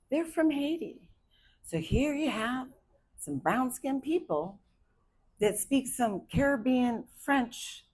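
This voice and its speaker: A woman in her fifties from Arizona performing a stand-up comedy set, hyper and animated as she tells stories. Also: mid-range voice, breathy edge, rough recording. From Arizona, USA. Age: 50s.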